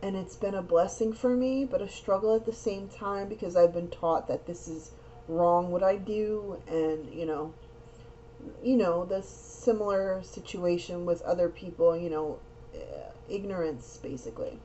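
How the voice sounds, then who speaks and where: Earnest woman giving a mellow, rambling card reading. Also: lowish voice, a little slow. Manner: earnest, rambling, repeats words. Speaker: tarot reader. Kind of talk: casual spiritual card reading. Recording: dull lo-fi sound with faint noise.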